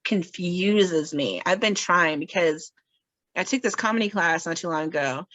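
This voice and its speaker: A woman with a fairly low voice chats on a podcast, self-mocking and quick to laugh. The sound is close and dry, with no room around it. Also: fairly bright tone, dry recording. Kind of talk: casual chat. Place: podcast recording.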